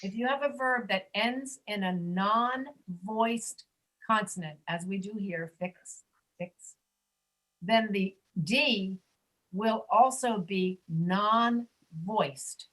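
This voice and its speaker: A woman leads an online pronunciation lesson over a video call. She draws words out slowly and repeats sounds for her students, in an even, middle-pitched voice. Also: rough recording. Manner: slow, drawn-out modeling of sounds. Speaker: ESL pronunciation teacher. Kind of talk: online class teaching.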